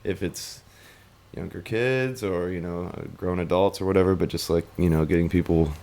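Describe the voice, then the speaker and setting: A man's voice: sits low, fairly even intonation, normal speed, a little mellow. A young man chatting casually as a podcast guest, hesitant with lots of fillers. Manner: hesitant, many fillers and restarts. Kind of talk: casual chat.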